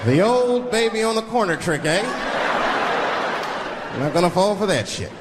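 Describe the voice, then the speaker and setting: A man doing stand-up storytelling, animated and laughing through his punchlines. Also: high-pitched, moderate pace, heavy background noise. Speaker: stand-up comedian. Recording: live club set with loud crowd. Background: loud crowd laughter.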